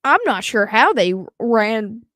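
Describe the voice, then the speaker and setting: A woman co-hosting a live game reaction stream, calling plays with excitement and laughing often. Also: fairly high pitch, slow pace, dry recording. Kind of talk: live play-by-play and casual reaction.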